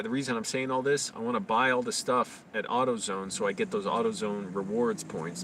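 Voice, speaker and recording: A man's voice: on the low side, fairly bright tone. Brief: rambling male live-streamer, casual chat, slightly distant mic with faint noise. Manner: rambling, loose talk full of fillers.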